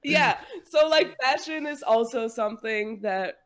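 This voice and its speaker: A woman co-hosting a casual podcast chat, relaxed and reflective, with frequent "like" and soft laughs. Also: fairly high pitch, a little slow. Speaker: podcast co-host.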